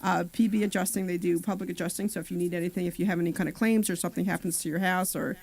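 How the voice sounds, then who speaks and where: A woman's voice: on the low side, fairly even intonation, very fast, creaky, darkish tone. A woman co-hosting a talk radio show, chatting and reading sponsor numbers and websites. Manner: chatty, reads out sponsor details. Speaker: radio co-host.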